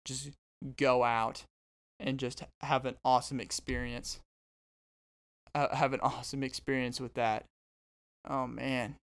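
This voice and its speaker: A man's voice: medium pitch, level tone, a little slow, long pauses, fairly bright tone. A man hosting his own podcast as a stand-up comedian, rambling and joking straight to his listeners. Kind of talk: casual comedic monologue.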